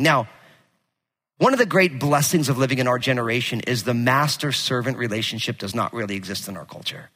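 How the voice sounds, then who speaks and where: Man, pastor, sermon, bright ringing tone, animated and casual, big hall echo. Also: medium pitch, moderate pace. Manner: animated storytelling, casual and joking. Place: church sanctuary. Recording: long hall reverb.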